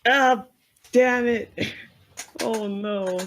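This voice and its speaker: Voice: mid-range voice, fairly even intonation, a little hiss or hum. A player in a tabletop role-playing game, talking casually and asking lots of questions. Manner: unhurried, questioning, laughing easily.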